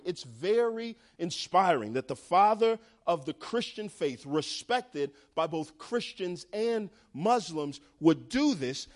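A man's voice: high-pitched, lively intonation, takes it slowly, few pauses. A male pastor preaching a sermon in an emphatic way, building in intensity.

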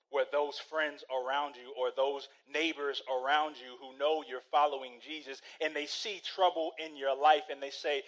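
A man's voice: medium pitch, fairly even intonation, moderate pace, few pauses, a bit bright, poor audio. A male pastor preaching a sermon in a conversational, storytelling way, often checking in with "right?".

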